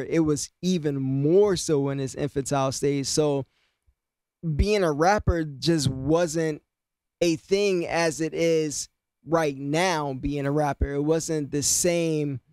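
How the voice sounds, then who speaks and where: Relaxed New guy breaking down rap lyrics. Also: on the high side, unhurried, smooth, no echo. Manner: loose, conversational, many fillers like "you know what I mean"; half-raps lyric quotes before explaining them. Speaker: host explaining rap lyrics.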